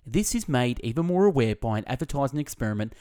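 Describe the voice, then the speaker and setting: A man narrating a scripted book summary in an expressive reading voice that stresses key words. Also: medium pitch, fast talker, smooth.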